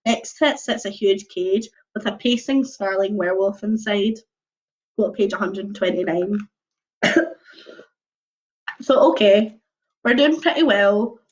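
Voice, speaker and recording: A young woman reading a choose-your-own-adventure book aloud on a livestream, mixing lively narration with casual chatty asides. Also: mid-range voice, measured pace, long pauses. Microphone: computer or phone mic on a video stream. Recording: dull lo-fi livestream audio.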